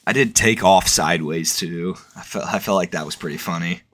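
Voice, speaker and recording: A man's voice: low-pitched, brisk, noisy background. A young man in casual chat, rambling and swearing, with lots of fillers. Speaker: podcast co-host.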